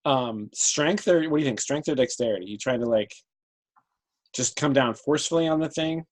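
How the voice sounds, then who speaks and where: Halting man running a tabletop game. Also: mid-range voice, low-quality recording. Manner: halting, thinks aloud with many ums. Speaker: game master.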